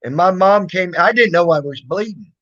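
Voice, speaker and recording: A man's voice: sits high, expressive, moderate pace, fairly bright tone. A man casually telling a childhood story, rambling and swearing, full of fillers and restarts. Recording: dull lo-fi recording.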